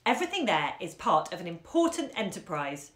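A woman's voice: fairly low pitch, sing-song, fairly quick, fairly bright tone. A woman voicing a playful grown man who tells children a tall tale, jaunty and theatrical, in a roomy echo. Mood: boastful.

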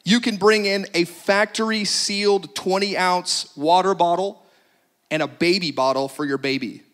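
A man's voice: high-pitched, measured pace, fairly bright tone. A man pastor giving humorous practical announcements to a congregation, joking and exaggerating for laughs.

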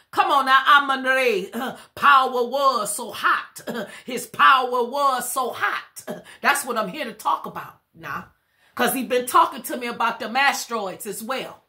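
Bright high-pitched woman in spiritual talk. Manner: rhythmic call-and-response preaching cadence; casual and chatty. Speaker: spiritual reader. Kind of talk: live spiritual tarot reading.

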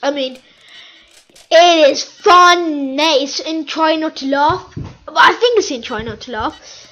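A gaming video host, a woman with a very high voice, talks slowly but excitably as she plays, chatting casually and repeating the same lines over and over. The sound comes through a dull, lo-fi mic.

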